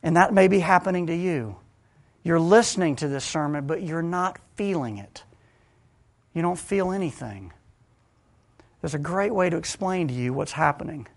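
A man preaches a sermon with dramatic swings in loudness. He drops to hushed, low passages and then builds back up to loud, forceful stretches. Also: moderate pace, long pauses.

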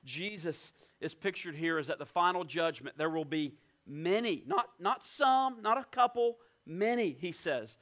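A man preaching a sermon as pastor, emphatic, slowing down and dropping to a hush on key points. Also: a little high, animated. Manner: emphatic, slows down and drops to a hush for weight. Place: church in West Virginia.

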